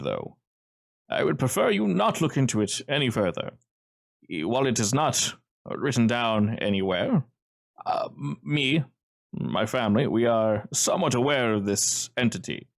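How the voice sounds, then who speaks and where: A man's voice: mid-range voice, big pitch swings, moderate pace, vocal fry. A man voicing a polite, guarded village man who speaks in formal, hedging phrases.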